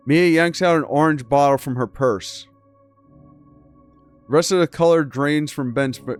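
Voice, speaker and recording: A man's voice: a little high, a little slow, pauses often, faint music behind. A man hosting a gaming channel, reading a game's story aloud with casual, crude commentary and disbelieving asides.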